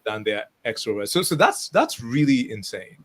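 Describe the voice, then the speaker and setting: A man's voice: medium pitch, sing-song, normal speed, fairly bright tone. A man from Nigeria hosting a live interview podcast, chatty and laughing easily as he greets viewers by name. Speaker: podcast host.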